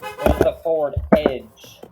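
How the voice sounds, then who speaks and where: A man hosting a reaction video, naming car models one by one in a slow, matter-of-fact way. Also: on the high side, fairly even intonation, over loud music, low-quality recording. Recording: clear background noise with clicks.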